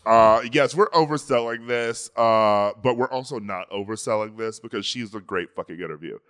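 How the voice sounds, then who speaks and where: A man's voice: on the low side, normal speed, a bit bright, clean tone. A man co-hosting a podcast, chatting about pop culture in a playful, enthusiastic way with frequent laughter. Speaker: podcast co-host. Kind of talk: casual pop-culture chat.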